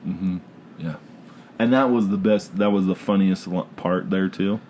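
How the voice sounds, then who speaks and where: A man's voice: low voice, unhurried, darkish tone, a little hiss or hum. A man hosting a casual movie chat, loose and rambling with many ums.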